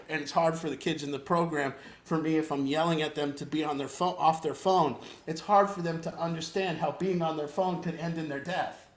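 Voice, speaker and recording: Earnest man counselor, somewhat high-pitched, emphatic and rambling in an informal group talk, recorded in a reverberant room. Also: brisk, few pauses. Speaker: recovery program counselor.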